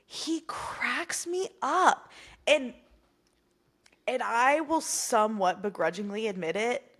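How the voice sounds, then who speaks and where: A woman co-hosting a podcast in casual chat, telling stories in an easygoing way on a video call. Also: on the high side. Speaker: podcast co-host.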